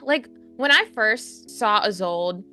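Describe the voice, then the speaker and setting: A woman's voice: mid-range voice, expressive, slow, sharp tone, soft background music. A woman hosting a casual interview, gushing and giggling like a fan. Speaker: host.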